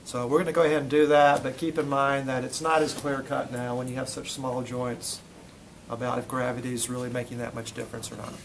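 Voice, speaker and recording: A man's voice: mid-range voice, level tone, brisk, gravelly, slight background noise, poor audio. A male instructor teaching a classroom lesson, quizzing students as he demonstrates muscle testing on a volunteer. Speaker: physical therapy instructor.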